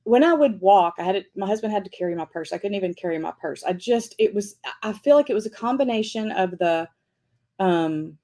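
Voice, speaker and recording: A woman's voice: mid-range voice, lively intonation, fairly quick, warm tone. A middle-aged woman hosting a devotional livestream, telling a story to her viewers in a chatty, rambling way with frequent laughs. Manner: chatty and rambling, many restarts and fillers; upbeat, laughs often. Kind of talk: casual storytelling chat to viewers.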